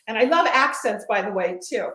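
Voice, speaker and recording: A woman's voice: mid-range voice, lively intonation, a little fast, bright, forceful tone, roomy sound, low-quality recording. A woman in her sixties, a guest coach, chatting in an interview with energy and emphasis, laughing easily. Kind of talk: casual interview chat.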